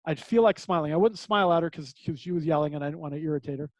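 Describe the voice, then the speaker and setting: A man's voice: a little high, racing, no echo, poor audio. A middle-aged man telling a personal story to a support group over a video call, candid, earnest and self-deprecating.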